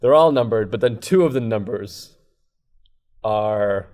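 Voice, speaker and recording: A man's voice: lowish voice, lively intonation, a little slow, darkish tone. A man who is a comedian, talking as a guest on a podcast in a casual, rambling, self-deprecating way. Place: comedy club.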